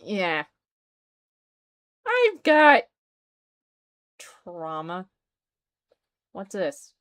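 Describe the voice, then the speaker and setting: A woman's voice: on the high side, expressive, takes it slowly, long pauses. A woman streaming a game, chatting casually and exclaiming as she plays. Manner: chatty, exclaims and reacts aloud. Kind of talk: casual let's-play chat.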